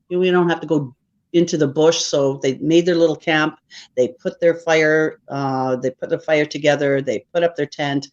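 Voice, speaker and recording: A woman's voice: deep voice, darkish tone. Woman, podcast guest, loose chatty storyteller, dull lo-fi recording. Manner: rambling, checks in with "right?". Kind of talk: casual storytelling.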